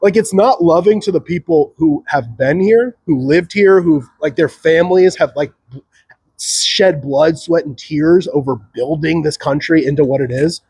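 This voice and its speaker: A man's voice: fairly high pitch, moderate pace, a little mellow, husky, no room sound. A man giving a rambling solo commentary. He uses many fillers and laughs between remarks. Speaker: channel host.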